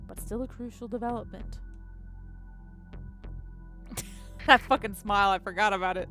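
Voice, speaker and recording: A woman's voice: a little high, little pitch movement, measured pace, pauses often, faint music behind. Joking woman streamer reading a game aloud. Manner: joking, reacts and swears between narration lines. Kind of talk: live game playthrough read aloud.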